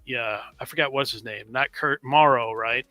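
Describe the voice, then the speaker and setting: A man chats on a casual stream in a bright, forceful voice at an ordinary pitch. He rambles through his views in a laid-back way, full of fillers. The sound is dry and close. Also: moderate pace, no echo, faint music behind. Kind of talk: casual livestream chat.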